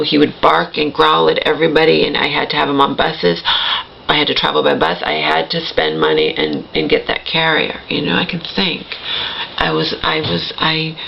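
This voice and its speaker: A middle-aged woman tells her own story to the camera, rambling and emphatic, with a gravelly, fry-laden voice. The recording is dull and lo-fi, with a faint hiss of noise underneath. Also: low-pitched. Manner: rambling, emphatic, repeats "okay?" and self-corrects. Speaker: vlogger.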